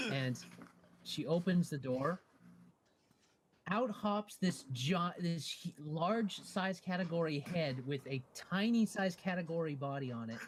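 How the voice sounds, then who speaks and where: A man narrating a tabletop game as game master, relaxed and halting with fillers. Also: fairly high pitch, a little hiss or hum.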